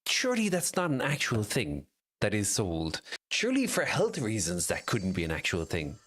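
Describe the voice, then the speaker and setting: An excitable man chatting casually and swearing while live-streaming a game, reacting loudly and answering chat. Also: lowish voice, normal speed. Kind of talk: casual live gameplay commentary.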